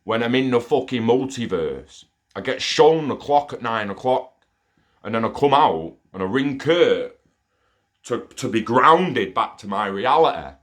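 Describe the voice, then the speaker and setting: A man's voice: medium pitch, a little slow. A young man telling a rambling personal story in a casual monologue, swearing often. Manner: profane, rambling and excitable. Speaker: storyteller sharing an experience.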